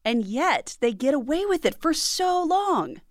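A woman host reading a case summary in a steady, scripted way. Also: high voice, measured pace, no echo, studio quality. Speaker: podcast host. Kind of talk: scripted narration.

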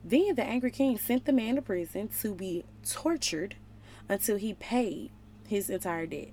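A young woman talks through a Bible passage in a relaxed, slangy way, full of playful asides. Her voice is warm and mellow, with a faint hiss of noise behind it. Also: mid-range voice, a little slow. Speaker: relationship vlogger. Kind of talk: casual Bible study talk.

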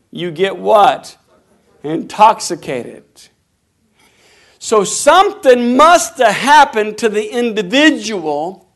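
A man preaching a sermon in a high voice. He shifts between quick talk and loud, drawn-out calls, and asks the congregation to answer him. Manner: preaching with sudden loud bursts; call-and-response with the congregation. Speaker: pastor.

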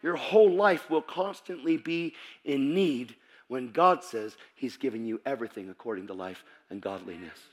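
Animated preacher man with a lively voice. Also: mid-range voice. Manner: animated storytelling that bursts into shouting. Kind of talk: sermon with personal testimony.

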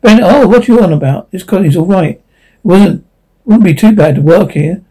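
Man reading a blunt young sailor guy, dismissive, husky. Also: high voice, expressive, a little fast, mellow, rough recording.

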